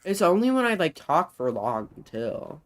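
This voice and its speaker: Young man, breathless, rambling game commentary, lively up-and-down pitch, a bit high. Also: unhurried. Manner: rambling, self-interrupting, animated. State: short of breath. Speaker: gamer streamer. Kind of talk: casual gameplay commentary.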